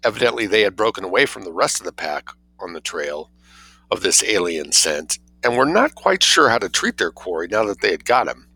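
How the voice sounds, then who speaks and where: A man reading a story aloud as audiobook narration, in an expressive, wry storytelling manner. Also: fairly low pitch, a little fast, slightly rough, dry recording, low-quality recording. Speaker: reader.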